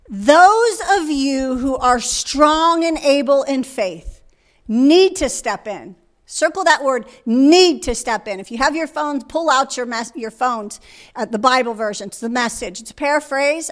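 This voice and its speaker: High-voiced woman preaching a sermon. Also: fairly bright tone. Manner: emphatic, rhetorical questions to the congregation. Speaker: guest preacher.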